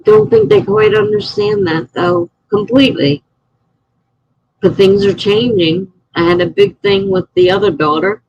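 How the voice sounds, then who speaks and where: A woman's voice: mid-range voice, animated, unhurried, creaky, a little mellow, husky, lo-fi sound. A middle-aged woman chatting casually on a live stream, answering chat messages and laughing often.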